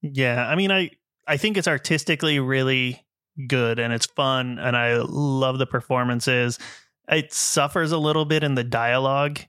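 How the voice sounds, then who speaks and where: A man co-hosting a podcast, animated and swearing freely in casual chat. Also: medium pitch, normal speed, clear, resonant tone, no room sound, studio quality.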